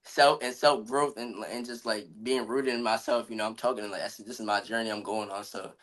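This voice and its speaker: A man's voice: on the low side, steady tone, a little fast, fairly bright tone, low-quality recording. A man in casual podcast chat, speaking earnestly about motivation and staying true to himself, often saying "bro" and "you feel me". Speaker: podcast guest.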